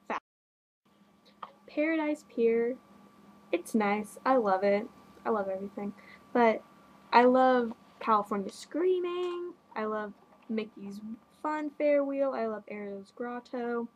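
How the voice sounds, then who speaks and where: A teenage girl hosting a casual podcast, bubbly and gushing with quick asides. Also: fairly high pitch, darkish tone, rough recording. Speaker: podcast host. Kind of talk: casual chat.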